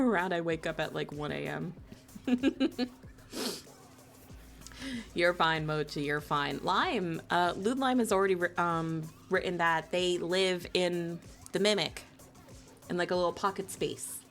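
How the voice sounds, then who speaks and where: A woman from New Jersey chatting casually with viewers on a live stream, playful and teasing, laughing often and swooping high in pitch when excited.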